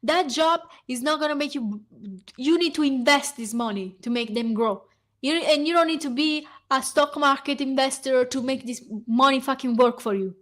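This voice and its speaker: High-pitched woman ranting angrily. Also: moderate pace, a bit bright. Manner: heated, profane, ranting while reading aloud. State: hoarse. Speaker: vlogger. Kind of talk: angry reaction rant.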